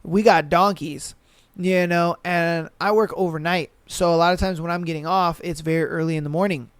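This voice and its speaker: A young man hosting a casual solo podcast, loose and profane, acting out drivers and animals in shouted voices. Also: on the high side, steady tone, moderate pace, clear, resonant tone, no room sound. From western United States. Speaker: podcast host. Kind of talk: casual solo podcast chat, reading and reacting to stories.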